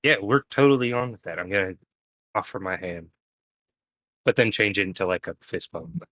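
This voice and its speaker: Low bright-toned guy goofing off in a tabletop game, dry close mic. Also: animated, normal speed, no echo. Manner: playful, joking in character. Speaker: player. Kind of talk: casual tabletop game play.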